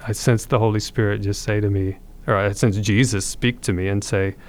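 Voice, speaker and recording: A man's voice: fairly low pitch, fairly even intonation, fairly quick. Earnest man sharing his faith story. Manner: earnest, reflective, frequent restarts. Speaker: podcast guest. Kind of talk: telling his conversion story.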